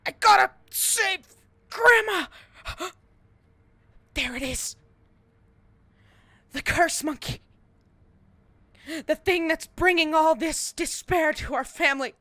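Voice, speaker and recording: A woman narrates her game with mock-heroic drama, cursing and yelling at enemies. Her voice is very high and bright, and it sits dry and close with almost no room sound. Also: slow pace, pauses often, no echo. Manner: melodramatic mock-heroic monologues, swearing and yelling. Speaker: gamer. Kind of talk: gameplay commentary.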